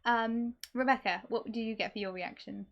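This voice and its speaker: Woman game master, slightly high voice, rambling, lots of ums, casual stream narration. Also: fairly even intonation, normal speed, lo-fi sound. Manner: rambling, many ums, chatty.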